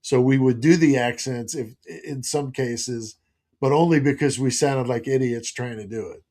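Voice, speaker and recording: A middle-aged man talks casually on a live stream at an average pitch. He rambles from one story to the next and stops now and then to read viewer comments aloud. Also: moderate pace, dark tone.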